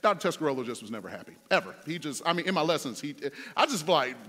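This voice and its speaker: A man's voice: fairly high pitch, big pitch swings, quick pace, sharp tone. A man preaching a sermon as a pastor, telling a story in a conversational way with many fillers. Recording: long hall reverb.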